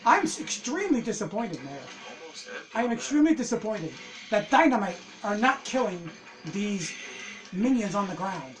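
A man giving casual let's-play commentary, excitable and swearing as he rants at the game. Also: sits high, normal speed, soft background music, poor audio. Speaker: gameplay commentator.

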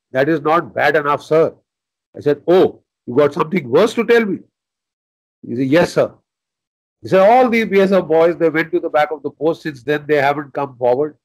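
An older man with an Indian English accent, a retired army general telling war stories in an interview, forceful and animated, acting out dialogue and swearing casually. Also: a little high, poor audio. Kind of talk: anecdotal interview storytelling.

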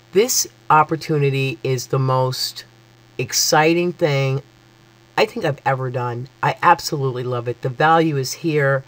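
Low-voiced woman gushing about her business to viewers, gets super excited, voice jumps way up. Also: rough recording. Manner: gushing, excitable, voice soaring high when thrilled; turns soft and emotional near the end. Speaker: network marketing promoter. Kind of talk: excited direct-to-camera sales pitch.

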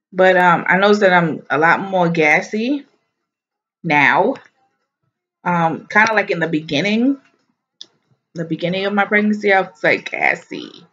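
A woman's voice: on the low side, fairly bright tone, muffled recording. Chatty pregnant woman, stuffy and breathless. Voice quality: nasal, stuffy. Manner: chatty, rambling, frequent ums and likes. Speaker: vlogger. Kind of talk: casual pregnancy update vlog.

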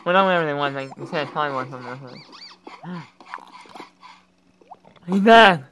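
Excitable young man reacting aloud. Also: a little high, moderate pace, a little hiss or hum, low-quality recording. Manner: excitable, loud bursts of exclaiming. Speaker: reaction video creator. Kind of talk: reaction commentary.

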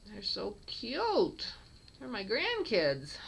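A woman's voice: mid-range voice, wildly swooping pitch, extremely slow, gravelly, slightly rough, voice pushed up, exaggerated voice. A woman voicing a doting grandmother cat, with fond, cooing speech.

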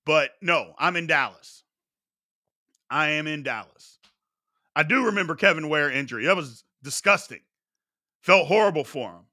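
Animated bright-voiced male sports host. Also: a little high, moderate pace, long pauses. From Louisville, Kentucky area. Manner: animated, repeats points for emphasis. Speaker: sports talk show host. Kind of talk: live sports talk, reading chat questions.

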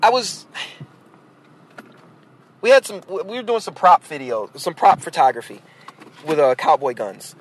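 A man's voice: on the high side, big pitch swings, a little slow, pauses often, background noise. A man hosting a podcast, delivering a blunt, exasperated rant full of fillers and restarts. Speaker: podcast host. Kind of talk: ranting monologue.

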